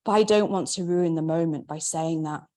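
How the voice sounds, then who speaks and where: A woman, reading her memoir aloud in a wry, measured way. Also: low-pitched, dark tone. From Manchester, England. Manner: wry, measured first-person narration. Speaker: memoir author.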